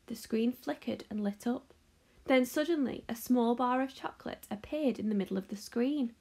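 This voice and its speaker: Teacher lady reading a kids' book, high voice, bit of gravel in it. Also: normal speed. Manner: expressive, animated reading. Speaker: teacher reading a class novel. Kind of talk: storybook read-aloud.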